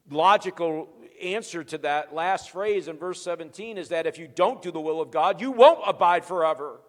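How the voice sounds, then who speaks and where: A male pastor giving an emphatic sermon, swinging between quiet and loud and answering his own rhetorical questions. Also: on the high side, long reverb tail.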